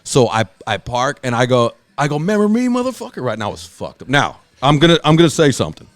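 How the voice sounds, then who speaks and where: A man on a podcast, spinning a profanity-laced story with a mid-range voice. He jumps into loud, high shouts when he quotes people. The sound is close and dry, with no room around it. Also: expressive, fast, no echo. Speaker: podcast host. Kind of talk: casual chat, storytelling.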